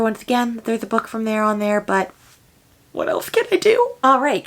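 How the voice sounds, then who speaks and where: A young woman vlogging a casual, animated rant about books she disliked, sounding exasperated. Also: mid-range voice. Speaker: book vlogger. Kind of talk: casual ranting book review.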